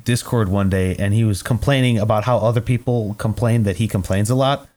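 A man's voice: fairly low pitch, fairly even intonation, brisk, darkish tone. A young man co-hosting a podcast, telling stories in a laid-back, teasing way with plenty of swearing. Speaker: podcast co-host. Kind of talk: casual podcast banter.

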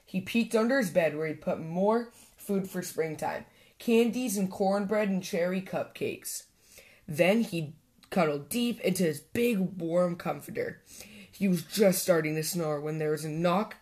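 A woman hosting a storytime channel, reading a children's picture book aloud with gentle expression. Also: fairly low pitch, measured pace. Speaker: storytime host and reader.

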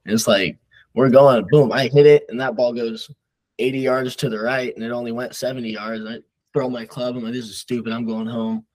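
A man's voice: mid-range voice, steady tone, a little fast, a little mellow, poor audio. A young man from Nebraska, a college wrestler, telling stories in casual podcast chat full of fillers. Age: young adult. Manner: rambling, filler-heavy storytelling. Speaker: guest wrestler.

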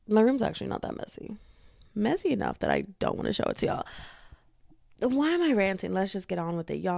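Woman, young, gravelly fry, dry bedroom recording, chatty animated ranting. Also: mid-range voice, a little fast, dry recording. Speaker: podcast host. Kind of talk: casual solo podcast rant. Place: her bedroom.

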